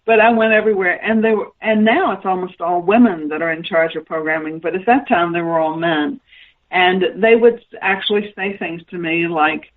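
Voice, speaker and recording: A woman's voice: lowish voice, moderate pace, phone-quality sound. A woman guest author telling anecdotes in a radio interview and acting out the dialogue she quotes. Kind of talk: storytelling interview.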